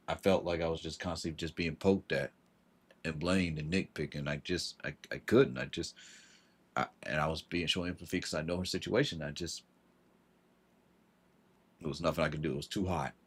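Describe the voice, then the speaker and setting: A man telling a personal story on a livestream, halting and repeating himself, with frustration in his voice. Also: rumbling low, breathy edge. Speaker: vlogger.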